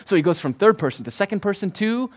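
A man preaching a sermon to his church in an emphatic, rhythmic way, repeating key phrases and slowing down to stress words. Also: lively intonation. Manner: swings between soft low asides and loud raised declarations. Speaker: pastor.

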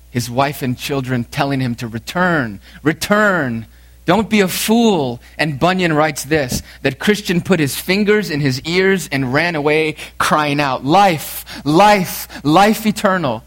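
A man preaching a sermon, emphatic, repeating lines for force, swinging from loud to hushed. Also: medium pitch, no room sound. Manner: emphatic preaching with dramatic swings in loudness and repetition. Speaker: pastor.

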